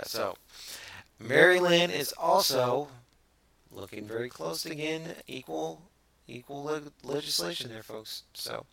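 A man's voice: mid-range voice, normal speed, vocal fry. A man hosting a casual comedy podcast, reading news stories and teasing his co-host, with lots of restarts. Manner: teasing, animated, many restarts.

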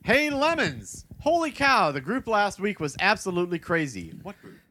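Brash male podcast co-host, bright and animated, slightly high. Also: moderate pace, a little hiss or hum. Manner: loud, brash, swearing freely. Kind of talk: casual comedy podcast chat.

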